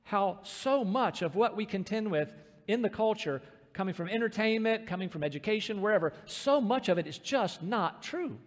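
A man preaching a sermon, emphatic and slowing down to stress scripture. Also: high-pitched, expressive. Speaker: pastor. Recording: reverberant hall.

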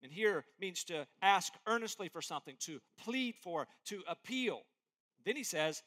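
A man preaching an expository sermon as pastor, emphatic and animated, acting out quotes as he goes. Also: sits high, measured pace.

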